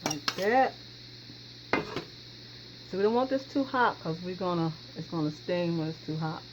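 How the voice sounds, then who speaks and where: Talking straight to viewers with plenty of y'all, a woman gives a casual cooking demonstration in her kitchen, folksy and chatty. She speaks at a measured pace in a voice on the low side, over dull lo-fi audio with constant background noise.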